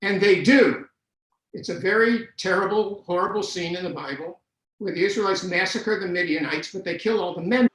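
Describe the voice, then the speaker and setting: High-voiced older man lecturing wryly. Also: moderate pace, a bit bright. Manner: wry, explanatory, with dry jokes. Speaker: Bible scholar lecturer. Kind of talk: online lecture. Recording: roomy echo.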